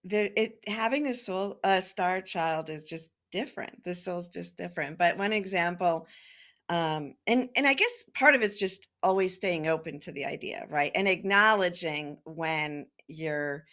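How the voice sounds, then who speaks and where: A woman's voice: on the low side, a little slow, fairly bright tone. A woman life coach, a podcast guest, answering in a thoughtful, hesitant way. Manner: thoughtful, hesitant, with fillers and restarts. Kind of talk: casual interview answer.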